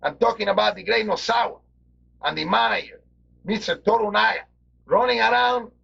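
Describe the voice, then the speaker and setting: A man's voice: high-pitched, normal speed, gravelly, fairly bright tone, slightly rough. A man doing wrestling color commentary, theatrical and grandiose in broken English. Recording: dull lo-fi TV broadcast audio.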